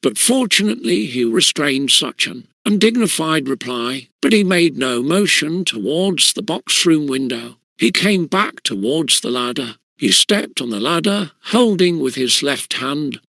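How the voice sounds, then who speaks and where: A man narrating an audiobook of a classic school story in a lively storytelling manner. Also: a little high, unhurried, creaky, hardly any pauses, dry recording.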